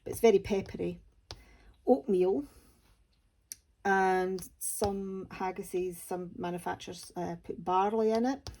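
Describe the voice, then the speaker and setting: Slow, mellow Scottish woman chatting. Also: mid-range voice. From Scotland. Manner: chatty, homely, self-deprecating humour. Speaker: crafting channel host. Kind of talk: casual chat to camera.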